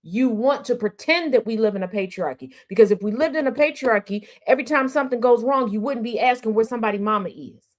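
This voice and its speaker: Talking quickly with few pauses, a woman with a slightly high voice hosts an opinionated commentary stream. She's sassy and sarcastic, hammering each point through rhetorical questions and repetition as a news commentary host.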